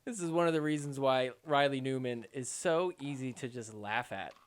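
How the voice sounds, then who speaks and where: A man's voice: mid-range voice, normal speed, smooth. A man hosting a podcast, giving casual commentary over match clips in a playful way. He laughs often and mimics the players. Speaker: podcast host.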